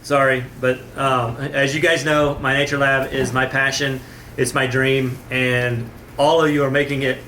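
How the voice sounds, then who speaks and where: Man, animal-center owner, excitable, stumbles over words, bright tone, faint room ambience. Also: mid-range voice, unhurried, slight background noise. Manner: enthusiastic, gets emotional. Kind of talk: casual video talk to viewers.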